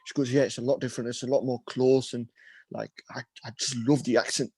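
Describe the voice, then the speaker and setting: A man's voice: mid-range voice, little pitch movement, quick pace, a little mellow, slightly rough, no room sound. A man with a Bradford Yorkshire accent, co-hosting a casual podcast and telling stories, mimicking other people's voices. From England. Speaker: podcast co-host. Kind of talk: casual chat.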